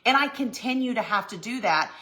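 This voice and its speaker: A woman's voice: a little high, expressive, fairly quick, bright, forceful tone. A woman chatting on a live stream, emotional and effusive, thanking viewers and reading their comments. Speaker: home goods brand owner hosting a live stream. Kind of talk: casual live stream chat while signing.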